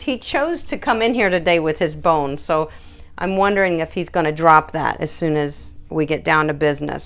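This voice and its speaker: Gravelly-voiced woman coaxing a nervous dog. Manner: soothing, coaxing, talks to the dog in a high sing-song. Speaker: dog groomer. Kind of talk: casual how-to video.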